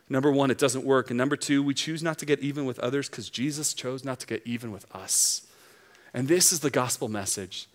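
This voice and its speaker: A man preaching a sermon to young adults, earnest and emphatic, building his points through repeated phrases. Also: a little high.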